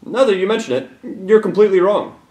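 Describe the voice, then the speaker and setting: A man's voice: high voice, fast, gravelly, warm tone. A young man co-hosting a comedy news sketch, bickering with his partner in a sardonic way. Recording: echoey room.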